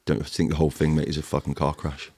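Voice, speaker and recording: Brit ex-marine guest, low voice, talks fast and swears a lot. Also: male voice, slightly rough. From United Kingdom. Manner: fast, sweary, animated storytelling in military slang. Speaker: podcast guest, former Royal Marine. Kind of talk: casual podcast chat.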